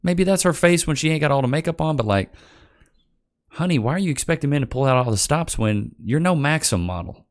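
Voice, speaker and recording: A man's voice: a little high, lively intonation, a little fast. A man hosting a reaction commentary, sarcastic and mocking, calling his viewers "chat" and "bro.". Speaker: host reacting to clips.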